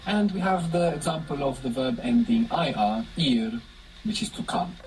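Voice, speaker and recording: A man's voice: medium pitch, moderate pace, a little mellow, slight background noise, poor audio. A man teaching a language lesson, patiently explaining step by step and prompting his student with questions.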